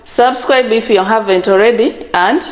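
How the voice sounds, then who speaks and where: A woman hosting her channel, introducing a reaction video in a measured way. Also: fairly high pitch, reverberant, poor audio. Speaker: channel host.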